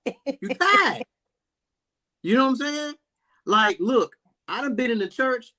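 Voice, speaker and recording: A man who works as a fitness trainer, talking in an animated, preachy way in a casual group chat, with an African American Vernacular English accent. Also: very high-pitched, normal speed.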